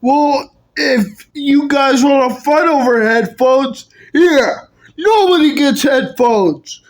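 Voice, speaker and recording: A woman acts out improvised toy role-play in a fairly high voice. She speaks very slowly and deliberately, line by line.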